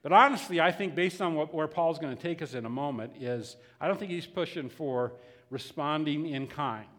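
A man's voice: a little high, fairly bright tone, big-room sound. A man preaching a sermon in a conversational way, often restarting and repeating words.

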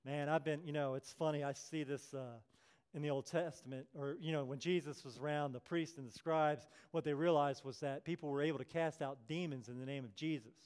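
Animated preaching man, somewhat high voice. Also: fairly quick, clean tone. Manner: animated preaching, swinging from hushed prayer to loud emphasis; acts out quoted voices and prayers. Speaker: pastor. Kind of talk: sermon.

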